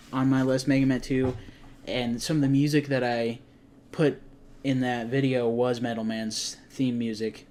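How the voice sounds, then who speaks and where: A man's voice: mid-range voice, a little mellow. A young man co-hosting a casual gaming chat, rambling and often correcting himself mid-sentence. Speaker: co-host. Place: garage.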